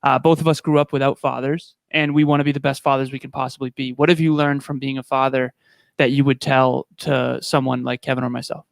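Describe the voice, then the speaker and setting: A man's voice: medium pitch, flat delivery, brisk, vocal fry, no echo. A man co-hosting an interview, asking questions in an earnest, polite way. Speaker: podcast co-host.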